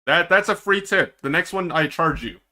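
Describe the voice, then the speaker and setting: A man streaming himself reacting to an esports match, excitable and teasing, with drawn-out dramatic groans. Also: on the high side. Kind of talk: casual live-stream reaction commentary.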